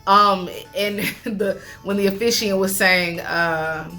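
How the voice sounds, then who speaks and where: A woman chatting casually as she recaps a reality show, animated, laughing often and talking with lots of fillers. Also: medium pitch, slow, few pauses, soft background music.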